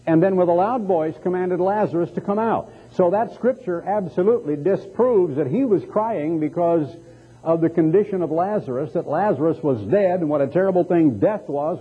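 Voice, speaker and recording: Husky-voiced preacher on a tinny recording. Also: male voice, a little high. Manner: emphatic preaching, drawn-out quoted scripture. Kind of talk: sermon. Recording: tinny, phone-like narrow sound.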